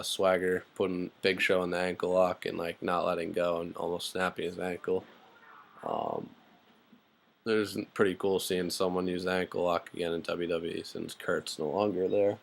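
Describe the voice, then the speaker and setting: A man's voice: low-pitched, level tone, normal speed, vocal fry. A man giving a casual, rambling spoken recap of a wrestling show, full of fillers and blunt, profane asides.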